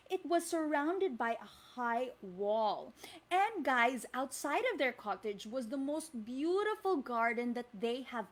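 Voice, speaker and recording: A woman from the Philippines telling a fairy tale live to children, talking straight to them and coaxing them to join in. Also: sits high. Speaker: children's storyteller. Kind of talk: live interactive storytelling for kids.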